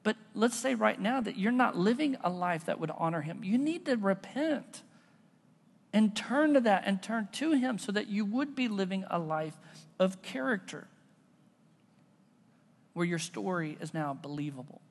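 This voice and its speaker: A man's voice: high-pitched, animated, normal speed, gravelly, husky. A man preaching a sermon as a pastor, in a casual, conversational style that mixes stories into his preaching. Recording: long reverb of a large hall.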